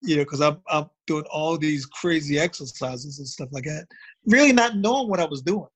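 A man from Baltimore chats casually as a guest, his voice sitting a little high for a man. He tells his stories in a loose, rambling way and keeps reaching for "you know" as he goes. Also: lively intonation, moderate pace, a bit bright, breathy edge. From Baltimore, United States. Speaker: drummer, guest. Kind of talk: casual interview chat.

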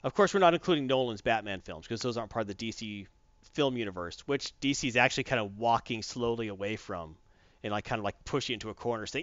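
Podcast host, male, animated movie recap; smooth voice, lo-fi dry recording. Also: medium pitch, fast talker, no room sound. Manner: animated, acts out scenes in funny voices. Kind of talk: casual movie review chat. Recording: dull lo-fi dry sound.

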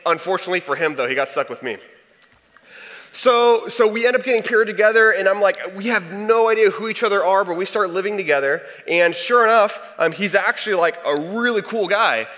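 Young male storyteller, high bright voice, big reverberant hall. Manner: animated, conversational storytelling with acted quotes. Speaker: speaker sharing testimony. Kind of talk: storytelling talk to an audience.

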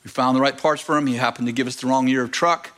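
A man preaching a sermon to a congregation, telling stories and addressing the crowd directly. He grows animated and emphatic, often acting out the voices of the people in his stories. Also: mid-range voice, fast talker, slight background noise. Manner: animated storytelling, rising to emphatic near-shouting. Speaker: pastor.

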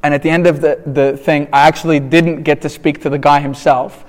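A man's voice: a little high, flat delivery, a little fast. A man telling a personal story in a candid, rambling way, restarting his sentences and waving off details with "blah, blah.". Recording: long reverb of a hall.

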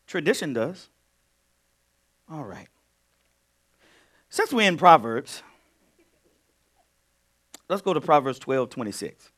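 Male pastor, high and bright, animated teaching sermon with emphatic swells. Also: takes it slowly, long pauses. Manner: animated preaching, swings from quiet asides to loud emphatic bursts.

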